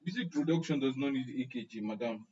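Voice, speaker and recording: A man's voice: medium pitch, animated, fast talker, warm tone, slightly rough. Joking Nigerian man on muffled stream. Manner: chatty and joking, answering chat comments by name. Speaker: online class instructor. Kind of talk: casual chat with a live-stream audience. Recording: muffled, distant live-stream audio.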